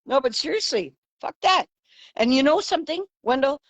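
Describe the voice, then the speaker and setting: An outspoken woman talks bluntly in a casual conversation and swears without holding back. Her voice sits high and swings widely in pitch, and the recording is dry and close. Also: lively intonation, normal speed, no echo. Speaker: host and life coach. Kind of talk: casual chat.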